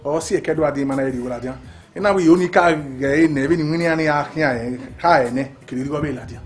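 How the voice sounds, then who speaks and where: A man's voice: on the high side, very fast, faint music behind, close to an everyday voice. An actor playing a deferential Nigerian commissioner reporting hesitantly to his governor.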